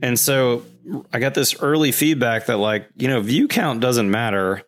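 A man, a guest on a podcast, telling long casual stories about his building business in a rambling, animated way, acting out quotes. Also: mid-range voice, moderate pace.

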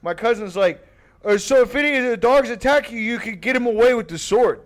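A man's voice: extremely high pitch, fairly quick. A man telling a long, rambling, profane family story on a podcast, laughing often. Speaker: podcast host. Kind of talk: casual storytelling.

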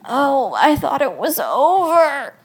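A woman voicing a young new mother in a read-aloud story, tearful and elated, with soft breathy lines. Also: high-pitched, sing-song, slow, voice pushed up, exaggerated voice. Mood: exclaiming.

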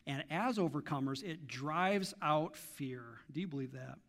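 A man preaching a sermon as pastor, emphatic and rising on key lines, then dropping to soft, intimate asides to the congregation. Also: on the high side, unhurried.

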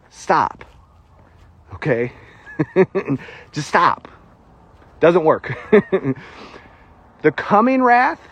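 A man with a Southern US accent preaches a casual sermon in a chatty, self-deprecating way. His pitch sits high for a man and swings widely, and his voice has a husky edge.

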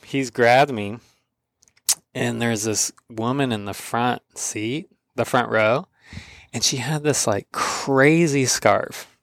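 Man telling animated stories. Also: mid-range voice, slow, no echo. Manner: animated storytelling, acting out other voices. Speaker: podcast host. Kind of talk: casual chat.

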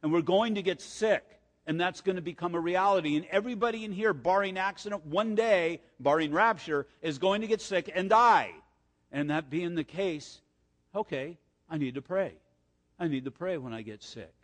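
A man's voice: high voice, normal speed. Older male pastor, echoey sanctuary. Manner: earnest, conversational preaching with personal stories. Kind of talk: sermon. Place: church sanctuary. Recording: echoey church hall reverb.

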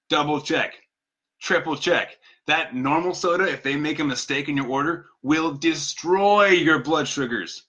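Bright-voiced man giving casual advice. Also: mid-range voice. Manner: conversational, earnest, repeats key points. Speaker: vlogger giving diabetes advice. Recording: dull lo-fi sound.

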